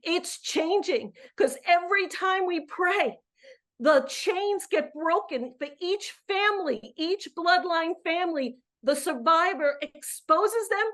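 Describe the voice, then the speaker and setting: Effusive high-voiced woman caller. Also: animated, takes it slowly, fairly bright tone. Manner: effusive, emphatic, repeats words. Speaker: caller on a live Q&A, coach. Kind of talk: live call-in chat.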